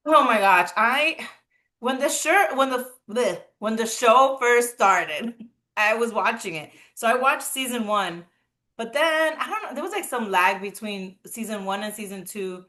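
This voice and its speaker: A woman co-hosting a podcast talks in a relaxed, easygoing way. She laughs often and drops short replies while her friend talks. Her voice is bright and clear, a little high. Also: a little slow. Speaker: podcast co-host. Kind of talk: casual chat.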